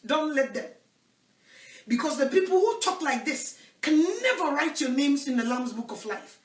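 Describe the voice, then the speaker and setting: High-voiced Ghanaian woman evangelist, echoey. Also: expressive, moderate pace, far from the mic. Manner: emphatic, swings between loud declarations and low asides. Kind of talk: preachy self-recorded monologue.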